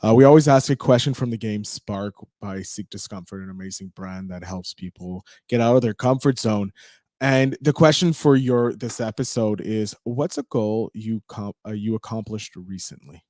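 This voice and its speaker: A man's voice: lowish voice, moderate pace, warm tone, no echo, clean studio sound. A man hosting a podcast who interviews a guest in an upbeat, encouraging way over a video call. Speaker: podcast host.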